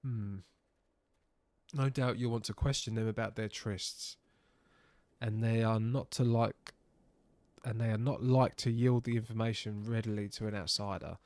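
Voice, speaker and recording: A man voicing a stern, weary male rebel elder in a measured, solemn reading. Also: on the low side, steady tone, darkish tone, dry recording. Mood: grave.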